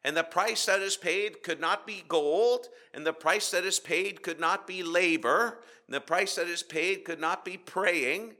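A man preaching a sermon with rhetorical questions and dramatic pauses, swinging between loud emphasis and hushed asides. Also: sits high. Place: church.

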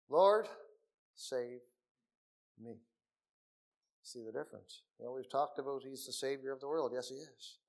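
A middle-aged man preaching a sermon in a meeting room, earnest, dropping to soft murmurs and rising again for emphasis. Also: fairly high pitch.

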